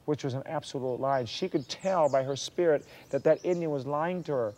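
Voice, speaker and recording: A middle-aged man telling a true story to listeners in an animated way, raising his voice for the quoted lines. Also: a little high, fairly quick, few pauses. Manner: drops to a hush for whispered lines.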